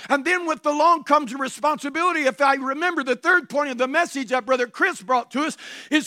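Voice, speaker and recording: A man delivers an impassioned sermon in a very high, bright, ringing voice. He fires off rhetorical questions and breaks into shouts. His voice sounds close and dry, with almost no room sound. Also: fairly quick, no room sound. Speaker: pastor. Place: church sanctuary before a congregation.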